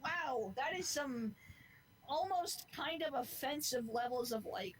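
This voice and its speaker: A young woman in her twenties talking on a podcast, with a voice that sits a touch high. She rambles in an earnest, heartfelt way and swears freely as she goes, with a faint noise in the background. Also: animated, unhurried, poor audio. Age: 20s. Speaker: podcast co-host. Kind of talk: casual chat.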